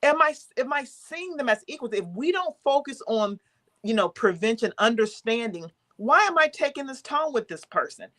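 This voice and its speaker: A woman's voice: fairly high pitch, expressive, moderate pace, fairly bright tone. A woman on a podcast explaining her view firmly, point by point, with rhetorical questions. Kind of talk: casual chat.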